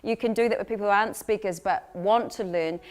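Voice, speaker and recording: A woman's voice: medium pitch, fast. New Zealand woman mixing in Māori phrases. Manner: warm teasing, mixing Māori phrases into English. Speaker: co-presenter of a language workshop. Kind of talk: casual presentation to a live audience.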